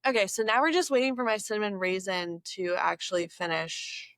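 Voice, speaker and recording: A woman's voice: medium pitch, animated, normal speed, hardly any pauses, fairly bright tone, dry recording. A woman talking casually to camera at home in a chatty, upbeat way, often saying "like". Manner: chatty and upbeat, heavy use of "like". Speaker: bird content creator. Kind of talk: casual vlog talk to camera.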